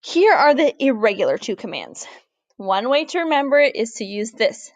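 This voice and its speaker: A woman Spanish teacher, walking through a recorded grammar lesson, clear and deliberate, slowing down to model words. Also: fairly high pitch, sing-song, no room sound. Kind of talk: recorded classroom lesson over slides.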